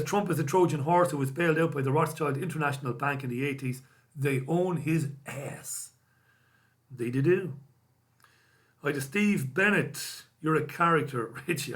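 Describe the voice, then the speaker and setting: With a slightly high, fairly bright voice, a man from Ireland runs a live stream and reads viewer comments aloud. He keeps the chat casual and wry, often poking fun at himself.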